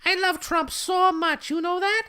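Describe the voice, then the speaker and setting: A man voicing a pushy older Eastern European woman hairdresser with an exaggerated, high put-on accent. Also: fairly even intonation, a little slow, sharp tone, exaggerated voice. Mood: gushing. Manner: exaggerated high fake accent, laughing through it.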